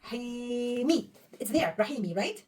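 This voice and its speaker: A woman's voice: fairly high pitch, lively intonation, fast, slightly rough, recorded from a distance. A woman teaching a young pupil to read Arabic, patiently quizzing her and praising right answers. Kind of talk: one-on-one reading lesson.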